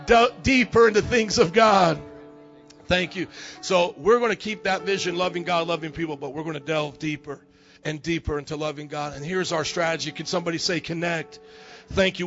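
Rousing high-voiced male pastor. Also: muffled recording. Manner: energetic, call-and-response, rousing. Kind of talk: sermon.

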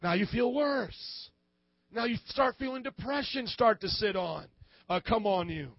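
A man preaching as a pastor, animated and jokey, poking fun at himself as he talks. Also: high voice, a little slow, creaky, dry recording, muffled recording. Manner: animated, acts out quoted voices; jokey and self-deprecating. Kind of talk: sermon.

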